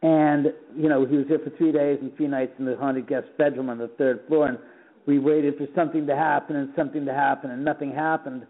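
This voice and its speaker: A middle-aged man from Los Angeles, a radio guest telling animated stories and acting out the dialogue, often repeating words as he goes. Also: fairly high pitch, fairly quick. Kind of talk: phone interview, storytelling. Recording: tinny phone line.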